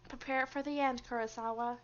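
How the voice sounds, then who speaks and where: A woman's voice: on the high side, steady tone, a little fast, muffled recording. A young woman streaming a game, reading its story lines aloud and chatting with viewers between them, laughing often.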